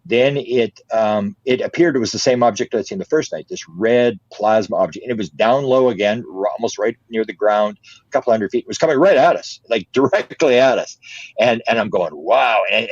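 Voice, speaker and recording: Older male guest, lowish voice, lively storyteller, dry and slightly muffled sound. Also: no echo. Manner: animated, repeats words, laughs often. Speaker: interview guest. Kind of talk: casual storytelling.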